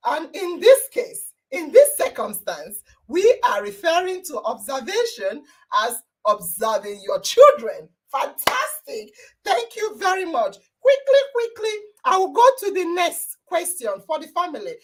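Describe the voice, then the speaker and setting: High, lively woman hosting. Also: a little slow. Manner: exuberant, exclaiming and praising loudly. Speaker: podcast host. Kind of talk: live online talk show with quiz questions.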